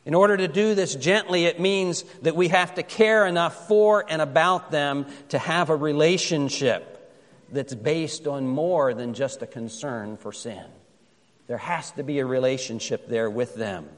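Guy preaching a sermon, kinda high voice, chatty storytelling, long echo like a big church hall. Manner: conversational storytelling, slow deliberate scripture reading. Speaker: pastor.

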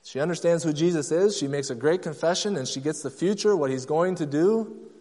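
A man's voice: on the high side, brisk, a little mellow, long reverb tail. A man preaching a sermon, emphatic and repetitive, acting out the people he quotes. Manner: emphatic, acts out quoted voices, repeats key phrases. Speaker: pastor.

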